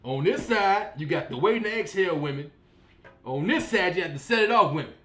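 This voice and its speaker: Man, comedian host, high voice, very animated, slangy, laughing riffs. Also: brisk. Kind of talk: casual comedic commentary.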